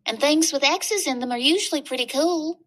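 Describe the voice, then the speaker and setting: A woman's voice: sits high, normal speed, fairly bright tone, voice pushed up. A woman reading a storybook aloud, voicing a shy young girl who is eager to impress a new friend.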